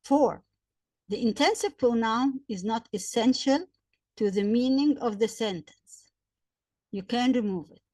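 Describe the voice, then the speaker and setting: A woman gives a grammar lesson with a fairly high voice. She works through example sentences slowly and repeats each point, and her voice sounds dry and close, with little room around it. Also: warm tone, no echo. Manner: slow, repetitive explaining with examples. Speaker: English grammar teacher.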